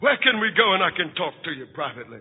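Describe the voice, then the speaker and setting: A man's voice: high-pitched, very animated, fast talker, husky, exaggerated voice. A man voicing a frightened man who hides a disease and begs for a private word, in a tinny, echoey hall recording. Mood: pleading. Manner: anxious, begging. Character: frightened man hiding his leprosy, pleading.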